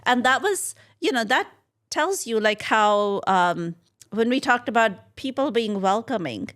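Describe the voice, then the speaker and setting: A woman's voice: fairly high pitch, lively intonation, measured pace, fairly bright tone. A middle-aged woman from Punjab, India, animatedly telling a family story in casual chat and acting out the dialogue. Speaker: podcast co-host.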